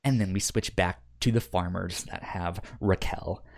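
A man's voice: sits low, fairly even intonation, creaky. A man co-hosting a podcast, casually recapping a TV series with frequent stammers and repeated syllables, swearing freely and acting out characters' lines. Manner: acts out characters' lines in quick quoted bursts. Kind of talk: casual chat.

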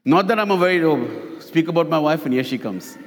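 High-voiced preacher in an echoing hall. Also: male voice, fairly quick. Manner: animated storytelling with repeated lines. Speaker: pastor. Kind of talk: sermon.

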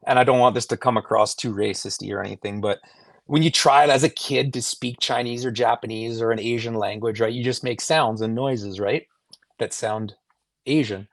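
A man's voice: medium pitch, moderate pace, dry recording. Canadian male guest, easygoing storyteller, dry sound. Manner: storytelling, laid-back, swears casually. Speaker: podcast guest. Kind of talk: casual chat.

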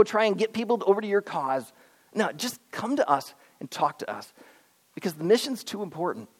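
Male pastor, sermon, earnest and animated, lively pitch swings, long hall reverb. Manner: animated, earnest, pleading preaching with swings between loud and hushed. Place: church auditorium.

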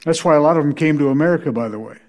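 A man's voice: fairly high pitch, racing, a little mellow. Wry man lecturing on church history. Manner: dry, wry storytelling. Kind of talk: lecture with humorous anecdotes.

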